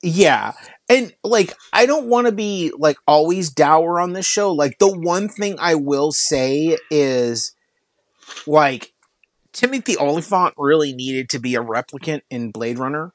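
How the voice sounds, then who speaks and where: Slightly high-pitched and expressive, this man speaks a little slowly while co-hosting a podcast. The conversation is casual, but he's ranting, cursing often and leaning on "like" as filler. The recording has no echo.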